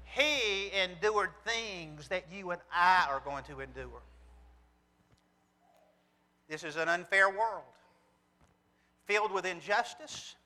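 A man's voice: high-pitched, expressive, takes it slowly, pauses often, sharp tone. A man preaching a sermon. He talks earnestly, asks rhetorical questions, and reads passages of scripture aloud. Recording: long reverb from a large hall.

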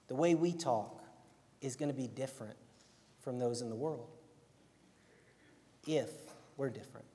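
Long hall reverb surrounds a young preacher from Alabama whose sermon feels like a conversation, often punctuated by "right?". His voice is mid-range and mellow, and he speaks a little slowly.

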